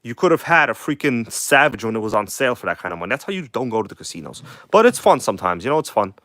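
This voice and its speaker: A man with a slight accent hosting a casual live stream, chatting loosely, swearing now and then and reading magazine text aloud in a halting way. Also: mid-range voice, big pitch swings, fairly bright tone, no echo, studio quality. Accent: non-native English accent. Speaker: host of a live RC car stream. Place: home workshop in Queens.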